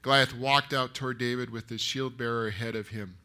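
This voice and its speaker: A man preaching a sermon that retells a story, lively and acting out the characters' lines. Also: mid-range voice, fairly quick. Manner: animated, acts out the characters. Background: live audience.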